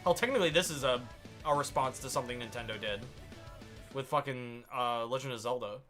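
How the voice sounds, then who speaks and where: A man's voice: mid-range voice, a little fast, pushed and bright. A man co-hosting a casual gaming chat show, rambling with lots of fillers. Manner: rambling with many fillers and restarts. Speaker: podcast co-host. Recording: music playing behind.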